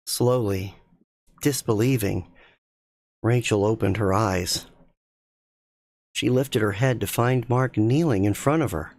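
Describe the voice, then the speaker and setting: A man reading a spooky story aloud in a slow, measured, suspenseful way as a streamer. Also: fairly low pitch.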